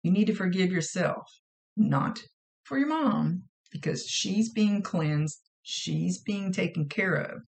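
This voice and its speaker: A woman's voice: lowish voice, animated, takes it slowly, creaky, a little mellow. A woman working as a psychic medium who gives a casual reading, relaying messages and direct advice and often repeating her phrases.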